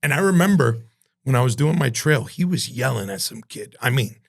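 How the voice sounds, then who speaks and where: Gravelly, animated man telling kitchen stories. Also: medium pitch, a little fast. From Cuban-American from New Jersey. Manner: animated, profane, acts out dialogue in voices. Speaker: chef and entrepreneur, podcast guest. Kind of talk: casual storytelling interview.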